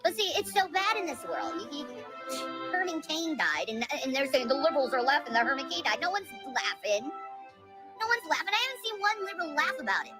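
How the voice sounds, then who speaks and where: A woman's voice: high voice, very animated, quick pace, poor audio. A woman in an angry, profane ranting monologue, stammering and exasperated as she vents. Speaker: vlogger. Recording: cheerful old song playing loudly underneath. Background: music.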